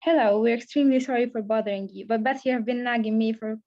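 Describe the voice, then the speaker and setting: A cheerful, talkative young woman who apologizes and rambles on, read aloud by a woman in a fairly high, level voice. The sound is dull and low-fi, like webinar audio. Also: fairly even intonation, fast, warm tone, close to an everyday voice. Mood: chatty.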